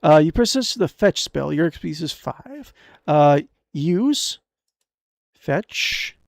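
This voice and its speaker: A young man streams a fantasy adventure game, reading the game's text aloud and tossing in crude jokes. His voice is fairly high, slow and gravelly, and he comes across as excitable and jokey in this casual gameplay commentary.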